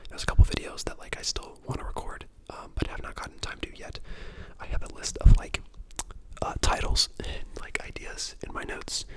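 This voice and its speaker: A person in their twenties whispering a casual ASMR ramble at home, chatty and full of fillers. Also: normal speed. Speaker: ASMR creator and dental student.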